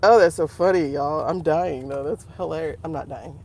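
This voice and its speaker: A woman's voice: low-pitched, moderate pace. A woman hosting a casual livestream as a tarot reader, chatting to her viewers and laughing often. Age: adult. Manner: chatty, animated, laughs often, talks to the chat.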